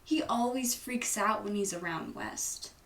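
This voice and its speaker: A woman's voice: mid-range voice, sing-song, a little slow, creaky, roomy sound, recorded from a distance, heavy background noise. A young woman hosting a casual movie recap, chatty and playful, acting out the characters' lines. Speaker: host.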